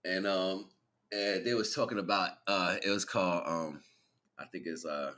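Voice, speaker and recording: A man's voice: deep voice, steady tone, moderate pace, pushed and bright. A man hosting a livestream, talking in a loose, rambling, slang-filled way and laughing as he retells things. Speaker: livestream host. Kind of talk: casual spiritual monologue.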